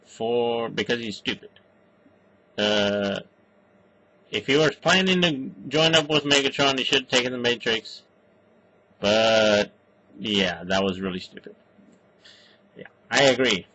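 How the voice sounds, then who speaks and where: A man's voice: medium pitch, sharp tone, a little hiss or hum, low-quality recording. A man reviewing a movie in casual, rambling chat, swearing often and stopping on lots of fillers. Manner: profane, halting, full of fillers.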